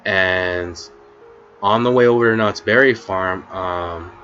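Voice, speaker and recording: A man's voice: sits low, slow pace, pushed and bright, highs cut off, faint music behind. A man telling a rambling, profane story about his rideshare driving days in a casual vlog, with constant "you know" fillers. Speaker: former rideshare driver.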